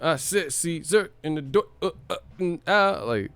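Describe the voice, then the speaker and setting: A man's voice: a little high, lively intonation, unhurried, a bit bright, clean tone, no echo. A man hosting a livestream, reacting in casual, profane commentary with frequent incredulous laughter. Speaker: livestream host.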